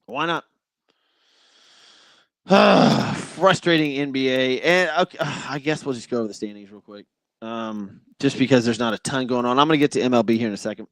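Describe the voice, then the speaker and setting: A man's voice: mid-range voice, moderate pace, no echo, clean studio sound. A man hosting a sports talk show, giving a casual, opinionated monologue in a blunt and exasperated way.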